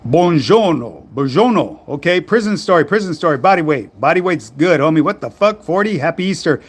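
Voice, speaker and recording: Socal guy on a livestream, kinda high voice, loose and cussing, reading comments. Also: animated, brisk, breathy edge. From Southern California. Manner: slangy, profane, laid-back. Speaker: fitness livestream host. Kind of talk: casual livestream chat answering comments.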